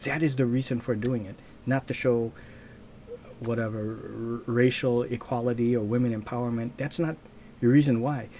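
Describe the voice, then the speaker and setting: A man talks straight to his audience in a loose, unscripted monologue. His voice is warm and mellow at an ordinary middle pitch. He rambles, restarts his sentences and stops to hunt for the word he wants. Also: fairly even intonation, moderate pace, slight background noise. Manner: rambling, restarts often and searches aloud for words. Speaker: channel host.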